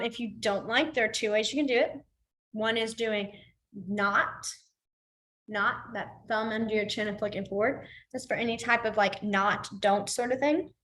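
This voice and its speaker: A young woman, teaching a sign language class in a chatty, casual way full of fillers, going quiet as she demonstrates signs. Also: medium pitch. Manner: chatty, many fillers, drops to quiet when signing.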